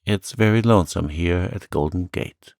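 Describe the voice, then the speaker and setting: A man's voice: sits low, normal speed, darkish tone, dry recording, studio quality. A man voicing a lonely, sweet little old lady who talks in a chirpy, eager, fluttery way.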